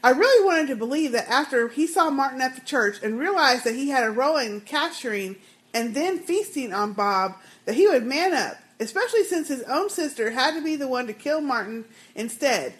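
A woman's voice: high-pitched, expressive, moderate pace. A woman co-hosting a casual podcast, chatting and laughing as she reads listener emails aloud. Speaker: podcast co-host.

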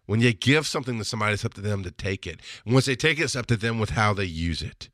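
A middle-aged man hosts his show in a casual, wandering monologue, correcting himself as he goes and often laughing. His voice is bright and forward, heard close and dry with no room sound. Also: on the low side, animated, fast talker, no echo. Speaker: podcast host.

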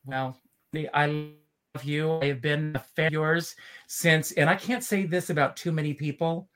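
Halting Southern man hosting a show. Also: on the high side, fairly even intonation, fairly bright tone. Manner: halting, many fillers. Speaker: show host. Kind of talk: casual chat.

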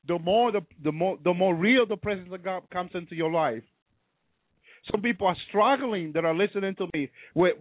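A man with a high voice preaches a sermon fervently, often breaking into hallelujahs. The audio is narrow and tinny, with no echo.

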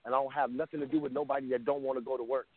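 A man's voice: medium pitch, little pitch movement, rapid-fire, noisy background. A middle-aged man calling in to a talk show, speaking with fervent, preacher-like emotion and sounding choked up. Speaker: caller. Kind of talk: impassioned call-in testimony. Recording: dry, tinny phone line.

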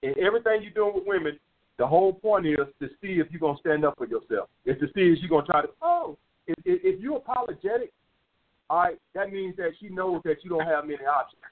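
A man's voice: high voice, lively intonation, quick pace. A man hosting a call-in dating advice show, lecturing bluntly with lots of profanity and repetition. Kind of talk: call-in radio advice talk. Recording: phone-like lo-fi radio sound.

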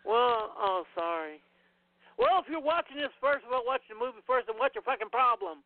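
High-voiced profane man, tinny and dry. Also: lively intonation, normal speed, no echo. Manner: blunt and profane, talks in bursts with restarts. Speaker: movie commentary co-host. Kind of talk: casual chat over a movie. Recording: tinny phone-like sound, dry.

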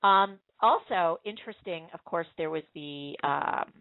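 A woman's voice: lowish voice, measured pace, slight background noise. A woman hosting a casual talk show, telling stories in a rambling way with plenty of fillers and restarts. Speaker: host. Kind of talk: casual podcast chat. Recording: tinny phone-line call.

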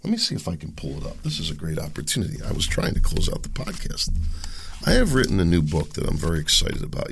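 A middle-aged man hosting his own podcast, rambling and animated, mocking his opponents in put-on voices. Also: low-pitched, vocal fry, a little hiss or hum. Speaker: podcast host. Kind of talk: opinion podcast monologue.

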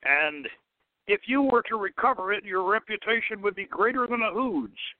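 A man's voice: high voice, expressive, moderate pace, no room sound, pitched above the performer's own voice. A man voicing a scheming old male prophet advisor who speaks earnestly and persuasively. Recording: dry, tinny phone-like radio sound.

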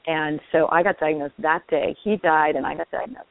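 A woman's voice: low voice, normal speed, creaky. Woman telling her story over the phone. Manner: animated, earnest storyteller with restarts and laughs. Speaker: radio show guest. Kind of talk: casual interview storytelling. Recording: tinny phone line.

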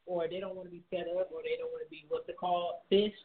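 A man's voice: high-pitched, wildly swooping pitch, fast talker, slight background noise. A man hosting a casual talk show, asking questions and rambling while he searches for words. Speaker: host. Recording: phone-like narrow sound.

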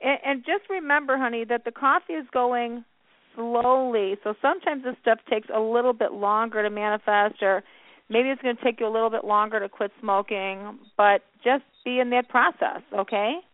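A woman's voice: fairly high pitch, fairly even intonation, moderate pace, no room sound. Woman host on a tinny phone line. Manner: warm, calls callers honey. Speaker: radio show host and coffee psychic. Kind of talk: call-in radio chat.

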